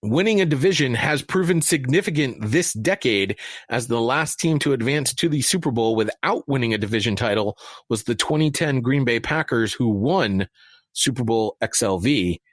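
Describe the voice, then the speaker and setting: A man co-hosts a casual sports podcast with an animated, swinging delivery. He jokes and rants in mock anger. His voice sits dry and close to the mic. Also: medium pitch, normal speed, no room sound. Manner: lively, joking, mock-angry rants. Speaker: podcast co-host.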